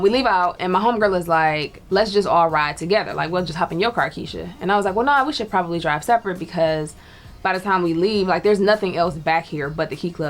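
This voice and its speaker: A woman tells a personal story in a relaxed, chatty way. She laughs often and acts out other people's lines as she goes. Faint music plays underneath. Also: lowish voice. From Detroit. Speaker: storyteller guest. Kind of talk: casual storytelling.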